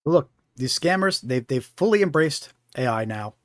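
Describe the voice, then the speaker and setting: A man's voice: medium pitch, expressive, moderate pace, dry recording, clean studio sound. A man hosting a live stream about scams, talking in a conversational way and often checking in with "right?". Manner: conversational, keeps asking "right?". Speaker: host. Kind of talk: live-stream scam awareness talk.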